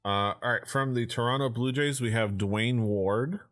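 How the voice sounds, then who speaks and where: A man co-hosting a casual podcast chats while opening baseball card packs, speaking at a normal speed in a mid-range, slightly bright voice. He's easygoing, laughs often, and tends to trail off mid-thought.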